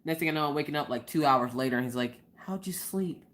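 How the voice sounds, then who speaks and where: Chatty low-voiced woman livestreaming. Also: rapid-fire. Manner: chatty, giggly, animated retelling with quoted voices. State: recovering from a cold. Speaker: livestream host. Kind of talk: casual live-stream chat.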